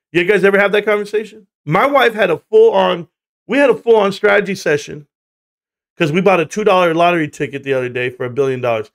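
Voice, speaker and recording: Brisk and high-voiced, this American livestream host chats casually, wandering from story to story with plenty of swearing and laughter.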